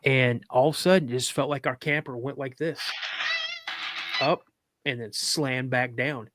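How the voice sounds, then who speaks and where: A man's voice: mid-range voice, fairly even intonation, moderate pace, over music. A man, a podcast guest, telling a story in casual chat, rambling with restarts and fillers and acting out other people's lines in a raised voice.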